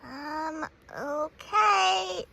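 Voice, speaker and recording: A woman voicing anime schoolgirls at a sleepover in a plush toy video, with excitable, quick back-and-forth chatter. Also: high-pitched, gravelly, full character voice. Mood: lively.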